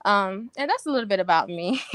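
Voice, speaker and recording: A woman's voice: medium pitch, very animated, normal speed, fairly bright tone, dry recording, clean studio sound. A woman in her twenties from Virginia introducing herself on a video call, nervous but chatty. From Virginia, USA. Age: 20s.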